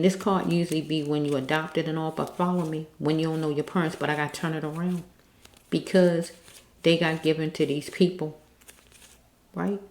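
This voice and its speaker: In an echoey room, a woman with a deep, mellow voice leads a spiritual card reading. She speaks earnestly, almost pleadingly, circling back to the same points and repeatedly asking whether the listener follows her.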